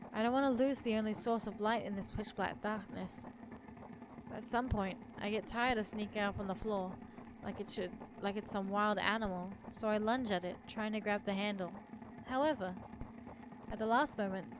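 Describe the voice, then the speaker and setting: A woman's voice: medium pitch, background noise. A woman streamer reading a horror story aloud in the first person, with joking asides.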